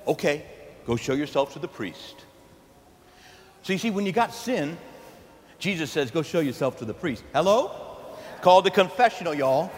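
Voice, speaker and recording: A priest preaching a sermon in a lively, folksy manner, calling out to the congregation for answers. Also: male voice, sits high, slight background noise. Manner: lively, call-and-response with the congregation, folksy asides. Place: church. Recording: long hall reverb in a church, faint ambience.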